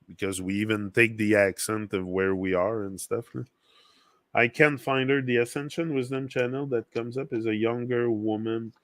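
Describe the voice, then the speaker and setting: A man's voice: on the low side, sharp tone, no room sound, clean studio sound. A man whose first language is French, speaking English with a French accent, talking loosely and rambling on a casual motivational livestream full of fillers and restarts. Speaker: livestream host.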